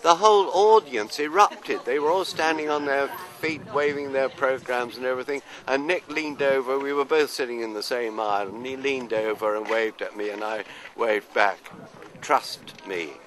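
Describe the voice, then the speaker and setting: A man's voice: mid-range voice, moderate pace, few pauses, a bit bright, rough recording. An older man from London, an actor answering interview questions in a chatty, anecdotal, self-deprecating way.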